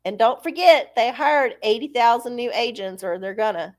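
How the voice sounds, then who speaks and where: A woman's voice: on the high side, moderate pace. A woman hosting a live stream, chatting casually in a blunt, profane, rambling way. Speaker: host of a live oracle stream. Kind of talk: casual livestream chat.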